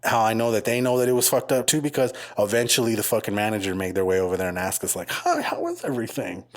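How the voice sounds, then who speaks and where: A man co-hosting a podcast, telling long, profanity-laced stories in casual chat and mimicking other people in high voices. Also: fairly even intonation, racing. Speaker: podcast co-host.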